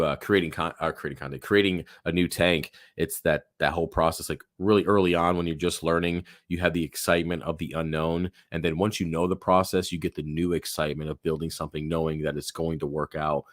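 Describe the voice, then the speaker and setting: A man hosting a live Q&A stream from his office, chatting casually and rambling with lots of fillers, his voice hoarse and going. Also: sits low, a little fast, dry recording, studio quality. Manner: rambling, relaxed, many fillers and restarts. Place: home office.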